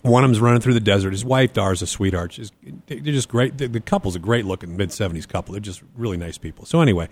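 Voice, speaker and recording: Speaking quickly with a fairly low pitch, a podcast co-host spins a story during relaxed conversation. He gets animated, performing the voices of each person involved.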